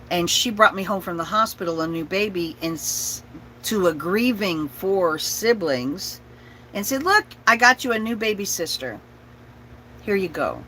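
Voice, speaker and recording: A woman tells a personal story with a bright, lively voice that swings widely in pitch. She swears freely, laughs often and slips into her family's voices. Faint noise hums behind her. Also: rough recording. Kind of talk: personal story told to an audience.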